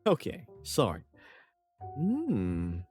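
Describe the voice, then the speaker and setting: Male streamer, playful and chuckly, bouncy pitch, light music bed. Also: huge pitch swings, very slow, darkish tone. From Philippines. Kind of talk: casual live-stream chat, reading comments aloud.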